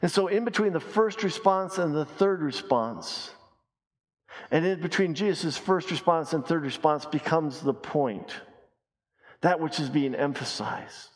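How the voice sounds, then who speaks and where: A male pastor delivers a sermon with a slightly raised pitch and an emphatic, repetitive way of hammering key phrases. He often slows down and sinks low to stress a point. The voice rings with the long reverb of a large church sanctuary.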